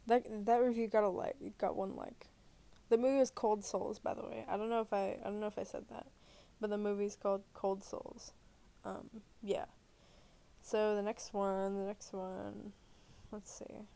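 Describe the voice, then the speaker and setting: Gravelly-voiced woman rambling about movies. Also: mid-range voice, little pitch movement, normal speed, mellow. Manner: rambling, full of fillers and restarts. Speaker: movie reviewer. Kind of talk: rambling casual chat. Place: alone in her bedroom.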